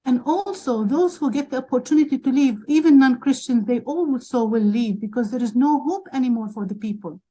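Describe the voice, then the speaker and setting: A woman's voice: high voice, a little fast, hardly any pauses, dark tone, low-quality recording. A woman from Palestine speaking as a webinar panelist, emotional and urgent as she argues for advocacy. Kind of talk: impassioned advocacy talk.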